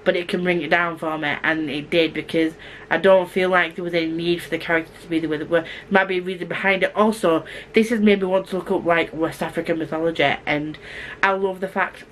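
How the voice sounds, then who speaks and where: Fast-talking woman gushing over books. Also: on the low side, steady tone, fairly bright tone, slight background noise, poor audio. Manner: chatty, with many restarts and asides. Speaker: book vlogger. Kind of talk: casual book review vlog.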